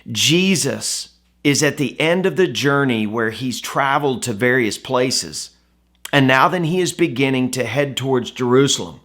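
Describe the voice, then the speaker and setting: A man's voice: medium pitch, a bit bright. A man giving a devotional Bible teaching in a conversational way, often asking the listener rhetorical questions. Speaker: devotional speaker.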